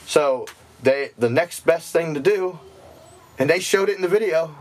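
A man co-hosting a podcast in casual chat, telling stories in an animated, jokey way. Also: a little high, a little slow, slight background noise. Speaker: podcast co-host.

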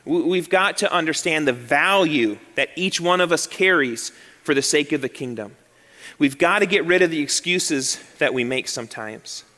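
High, bright pastor preaching. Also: male voice, normal speed. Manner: animated, acts out excuses in quoted voices. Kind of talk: sermon. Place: church sanctuary. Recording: long hall reverb.

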